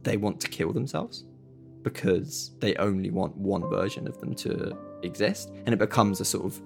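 A man's voice: low voice, normal speed, gravelly, music in the background. A man chatting casually as a podcast co-host, analyzing and reacting. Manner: reacting with short interjections, analytical. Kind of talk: casual chat.

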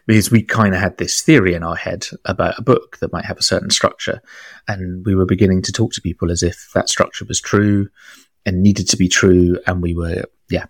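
A man co-hosting a podcast, moving between a read intro and lively casual chat, laughing often. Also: deep voice, fairly quick, no echo. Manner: enthusiastic, laughs often, quotes himself in raised voice. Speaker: podcast co-host.

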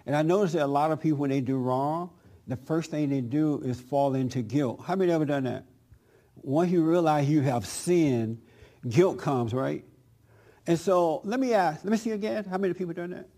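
A man's voice: fairly high pitch, normal speed, warm tone. A man preaching, telling a personal story in a loose, conversational way and asking the audience questions. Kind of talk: sermon storytelling.

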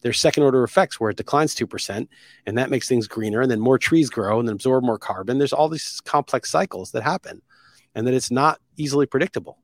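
A man's voice: medium pitch, fast talker, no room sound. Sarcastic man with a dry close sound. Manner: opinionated, sarcastic rambling with frequent restarts. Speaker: podcast host. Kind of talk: solo podcast monologue.

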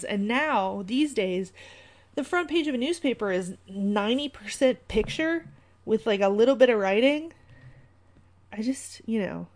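A woman hosting a podcast, talking casually with many fillers and wry asides. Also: fairly high pitch. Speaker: podcast host. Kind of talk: casual conspiracy podcast talk.

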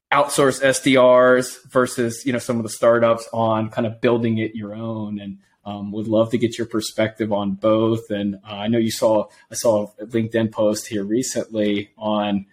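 A man hosting a podcast interview, talking in a halting way with many fillers and repeated words. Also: on the low side, flat delivery. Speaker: podcast host. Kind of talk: casual interview.

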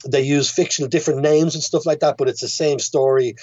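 Irish male filmmaker guest, young adult, halting rambling delivery, dull lo-fi dry recording. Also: fairly high pitch, fairly even intonation, warm tone, dry recording. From Ireland. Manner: rambling, many restarts and stammers. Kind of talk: casual podcast chat.

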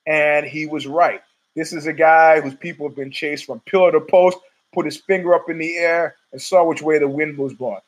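A man's voice: on the high side, fairly even intonation, moderate pace, low-quality recording. A middle-aged man hosting a podcast, rambling through a profane, opinionated monologue full of restarts. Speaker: podcast host.

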